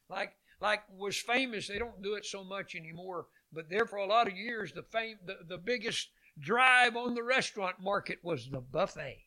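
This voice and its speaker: Guy preaching, high lively voice, slow and deliberate, goes loud then hushed. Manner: dramatic swings from loud to hushed, repeats phrases for emphasis. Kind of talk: sermon.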